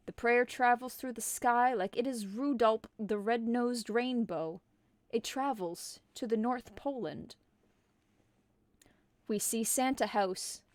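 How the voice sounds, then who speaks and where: A woman streamer reading a silly holiday story aloud in a deadpan way. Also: on the high side, dry recording. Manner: deadpan, absurd.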